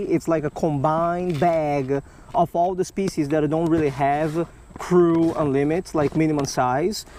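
A fairly high-pitched man talks his way through a fishing session out by a canal. He is chatty and explanatory, often tossing in a "right?" A faint outdoor hum and the odd passing car sit underneath. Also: a little mellow. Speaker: fishing vlogger. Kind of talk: outdoor fishing vlog narration. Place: outdoors by a canal and creek on a hot day.

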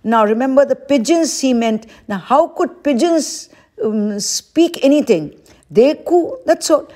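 Slow, mellow-voiced teacher woman. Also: high-pitched, animated. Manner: patient, repeats each question aloud to explain it. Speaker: English teacher. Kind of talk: exam-prep lesson.

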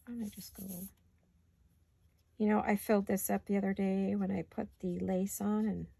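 A woman's voice: mid-range voice, little pitch movement, moderate pace, vocal fry, mellow, breathy edge, no room sound. A woman hosting a home crafting video, chatting casually and talking to herself as she works, with hiccups. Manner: chatty, talks to herself while working. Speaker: crafting channel host.

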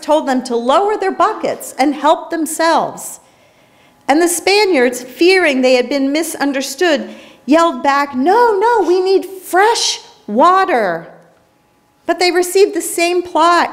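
Woman, pastor, high voice, earnest reflective sermon, storytelling. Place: small church sanctuary.

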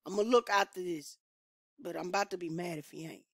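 A woman's voice: fairly low pitch, fairly quick, vocal fry, slightly rough, no echo, clean studio sound. A woman hosting a music reaction channel, chatting casually with viewers and reacting with emphatic exclamations and frequent laughter. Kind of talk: casual reaction vlog chat.

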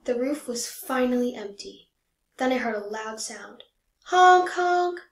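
A woman reads a children's picture book aloud, gentle and measured, her voice sitting a little high. The recording has a roomy echo around it. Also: fairly even intonation, gravelly. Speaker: storybook reader. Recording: echoey room.

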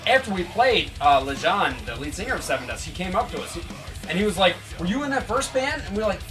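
A man's voice: high voice, animated, fast talker, recorded from a distance. A man in a band telling loose, rambling, profane stories in a casual interview. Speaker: band member. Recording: music behind, voice from off mic.

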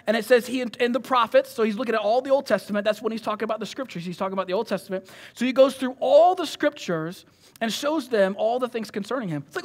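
A man with a high-pitched voice delivers a sermon in a loose, chatty manner. He talks animatedly and often stops and restarts his sentences. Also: quick pace. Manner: animated, conversational, many restarts. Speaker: preacher.

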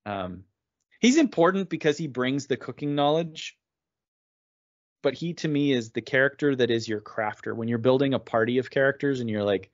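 A man's voice: mid-range voice, animated, moderate pace, dry recording. A man talks casually on a podcast, musing aloud with hedges and filler words. His voice is close and dry, with a slightly dull, lo-fi sound. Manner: thoughtful, hedging, many fillers. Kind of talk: casual chat.

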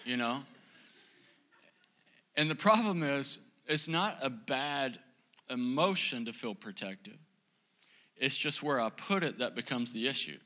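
A young man preaching as pastor, telling a funny story about himself in an animated, self-mocking way. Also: medium pitch, moderate pace. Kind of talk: sermon with storytelling.

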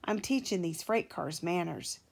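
A woman's voice: fairly low pitch, lively intonation, unhurried, vocal fry, heavily acted. A mother doing a pompous boastful big engine. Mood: smug. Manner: pompous, patronising. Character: proud boastful big male steam engine. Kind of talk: children's storybook read-aloud.

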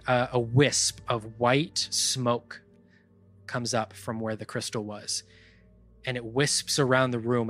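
A man narrating a tabletop game as game master, describing scenes in a measured way with fillers. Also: mid-range voice, fairly bright tone.

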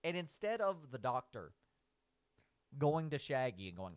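A man's voice: medium pitch, very animated, moderate pace. A man giving casual, rambling commentary as he rates cartoon villains. He keeps saying "like", restarts his sentences and laughs at his own points.

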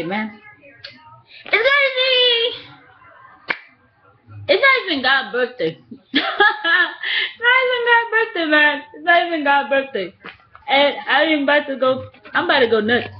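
A young woman vlogging casually to her webcam, playful and giggly, often slipping into sing-song. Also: sits high. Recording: dull lo-fi webcam audio.

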